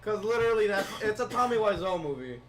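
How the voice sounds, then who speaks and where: A man's voice: high-pitched, animated, quick pace, a loud crowd, poor audio. A man co-hosting a casual chat, reacting with exclamations and swears. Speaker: co-host.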